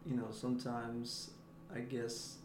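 A man's voice: mid-range voice, monotone, slow, noisy background. A man talking earnestly and reflectively in a casual podcast conversation. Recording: roomy echo.

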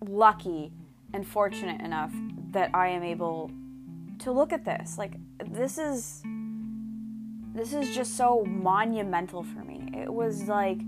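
A young Canadian woman chatting casually in a vlog, gushing and excitable, swearing and saying "like" constantly. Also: mid-range voice. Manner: gushing and excitable, swears, fills every phrase with "like". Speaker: vlogger. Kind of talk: casual chat.

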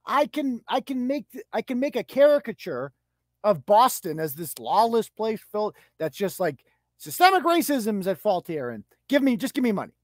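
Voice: medium pitch, very animated, normal speed, no room sound, clean studio sound, lightly acted. A podcast host mockingly voicing a grasping, preachy activist woman. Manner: whiny, mocking.

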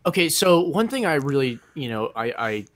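A man's voice: on the high side, sing-song, moderate pace, a bit bright. Rambling man discussing media on a podcast. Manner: rambling, self-correcting commentary with frequent fillers. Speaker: podcast guest. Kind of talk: casual podcast chat.

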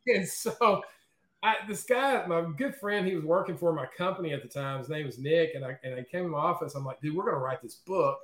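A man guest in an interview, telling stories in a lively, chatty way and often checking in with "okay?" and "right?". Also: on the high side, a little fast, echoey room. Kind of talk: casual storytelling in an interview.

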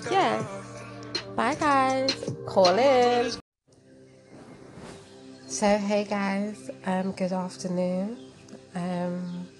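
Slow, gravelly London woman host. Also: mid-range voice, a little mellow. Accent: London English. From England. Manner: slow and hesitant, many fillers. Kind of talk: casual chat.

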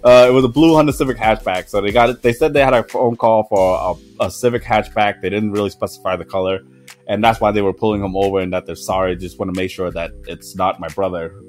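A man's voice: lowish voice, fairly even intonation, fast talker, a little mellow, faint music behind. A man in his twenties telling a story in a casual podcast chat, laughing often and swearing freely. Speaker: podcast host.

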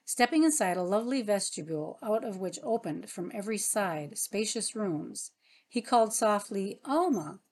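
A woman reading a story aloud as narrator, in a gentle, earnest manner. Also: medium pitch, lively intonation, normal speed. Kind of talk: audiobook narration.

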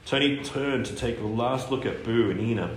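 A man reading a children's book aloud in a lively storytelling manner. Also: medium pitch, moderate pace. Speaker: reader. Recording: echoey room, faint noise.

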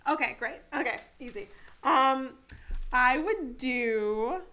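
A woman with a fairly high voice co-hosting a casual podcast. She is playful and giggly, laughing through her own made-up tale. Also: lively intonation, slow pace, pushed and bright. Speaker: podcast co-host. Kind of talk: casual chat.

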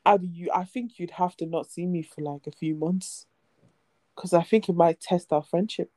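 A woman's voice: on the low side, moderate pace, mellow, dry recording. Sleepy, chatty young woman. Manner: chatty, giggly, teasing. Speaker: podcast co-host. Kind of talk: casual chat.

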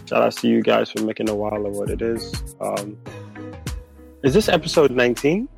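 A man's voice: on the low side, fairly quick, vocal fry, soft background music, poor audio. A young man co-hosting a podcast, joking and laughing through casual banter. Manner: playful, jokey, laughs often. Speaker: podcast co-host.

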